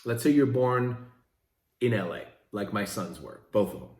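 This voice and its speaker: A man's voice: lowish voice, expressive, moderate pace. Swiss-born man vlogging in a roomy space. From Switzerland. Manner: conversational, often asks "right?". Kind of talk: casual motivational talk to camera.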